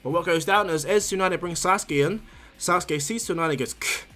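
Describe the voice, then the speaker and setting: A man's voice: high-pitched, brisk, faint music behind. A young man casually retelling a fan story, rambling with lots of fillers. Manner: rambling, filler-heavy, animated.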